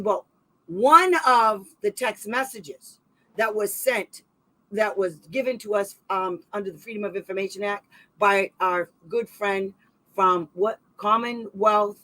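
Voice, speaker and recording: A woman hosting a special education advocacy livestream in casual talk, rambling and animated, with quick sarcastic asides. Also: on the high side, poor audio.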